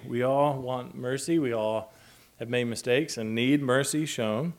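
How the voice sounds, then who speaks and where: A man preaching a sermon in a gentle, conversational way, chuckling often as he talks. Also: medium pitch, steady tone, measured pace. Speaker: pastor.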